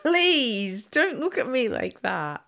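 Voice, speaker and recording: A woman's voice: on the high side, sing-song, takes it slowly, creaky, bright, forceful tone. A woman co-hosting a podcast, chatting casually and making playful, teasing remarks. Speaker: podcast co-host. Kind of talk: casual chat.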